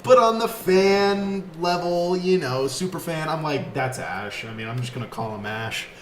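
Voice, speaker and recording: A man giving a casual, enthusiastic video review of a film, talking like an excited fan. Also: on the high side, normal speed, roomy sound, a little hiss or hum. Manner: enthusiastic, animated fan talk with fillers.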